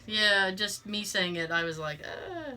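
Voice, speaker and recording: Bright-voiced chatty woman podcast host. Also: medium pitch, fairly even intonation, moderate pace, slight background noise. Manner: chatty and rambling, many fillers and restarts. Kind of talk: casual chat.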